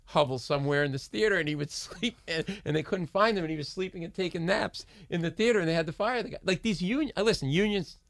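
A man's voice: sits high, fast talker, gravelly, few pauses, no echo. Guy rambling thru backstage stories on a podcast, lots of restarts, dry sound. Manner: rambling, many restarts, animated storytelling. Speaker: guest, late-night show writer. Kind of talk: casual podcast interview.

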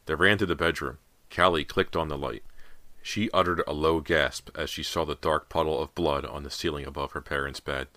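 Super deep guy narrating a horror book, crisp bright tone, dramatic. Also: no room sound. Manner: dramatic, expressive reading. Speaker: audiobook narrator. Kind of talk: scripted narration.

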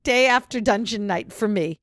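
A woman's voice: mid-range voice, moderate pace, fairly bright tone, no room sound, studio quality. A woman in her late fifties co-hosting a podcast in casual chat, tired and slap-happy, laughing often. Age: 50s. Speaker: podcast co-host. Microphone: studio mic.

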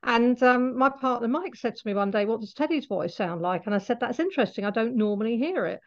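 A woman's voice: fairly high pitch, expressive, a little fast. Scottish woman guest, chatty, laughs easily, slightly dull lo-fi audio. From Scotland. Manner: chatty, laughs often, explains at length. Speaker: animal communicator guest. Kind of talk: interview conversation.

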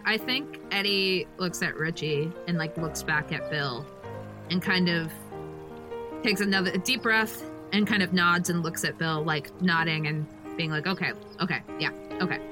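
A young woman playing a tabletop game, excitable and swearing in quick bursts. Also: lowish voice, music in the background, low-quality recording. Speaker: player. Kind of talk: tabletop game actual play.

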